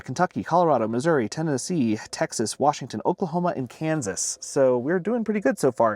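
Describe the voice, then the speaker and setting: A man's voice: mid-range voice, darkish tone, no room sound. Flustered man operating a ham radio. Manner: flustered, self-deprecating, talking while busy; speaks with a pen in his mouth. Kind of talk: casual vlog narration while operating. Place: outdoors at a mountain pass.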